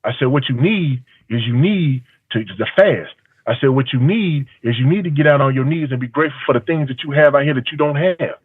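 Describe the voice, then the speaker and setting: A man's voice: mid-range voice, fairly quick, husky, no room sound. A barber telling stories on a call, quoting his own conversations, with an emphatic delivery. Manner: storytelling with quoted dialogue, emphatic. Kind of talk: call-in testimony. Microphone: phone call. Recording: tinny phone line, dry.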